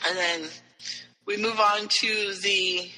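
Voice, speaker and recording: A man's voice: sits high, takes it slowly, in a large hall, faint music behind, poor audio. A man co-hosting a podcast, recapping a story in casual chat and animatedly acting out the characters' lines. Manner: animated retelling with quoted voices. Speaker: podcast co-host.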